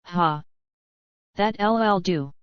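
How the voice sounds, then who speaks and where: A woman's voice: fairly low pitch, very slow, clean tone, dry recording, highs cut off. A woman reading the lines of a brusque, bossy older male bush cattleman, broke and blustering, in a storybook. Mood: gruff.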